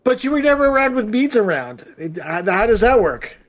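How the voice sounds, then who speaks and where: An Australian man with a notably high voice who trades quips on a casual movie podcast. His remarks come short and joking. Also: very animated, brisk. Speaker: podcast co-host.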